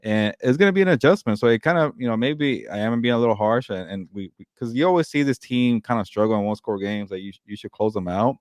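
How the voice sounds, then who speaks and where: A man co-hosting a sports podcast, giving a quick, casual analysis of a game. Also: fairly low pitch, no room sound, studio quality.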